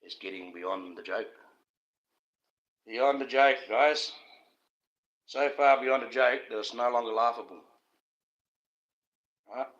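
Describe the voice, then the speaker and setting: Bright-voiced Australian man ranting on a livestream. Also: medium pitch, slow pace, long pauses, highs cut off. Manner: aggrieved, conspiratorial, addresses viewers directly. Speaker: livestream host. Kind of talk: rambling livestream monologue.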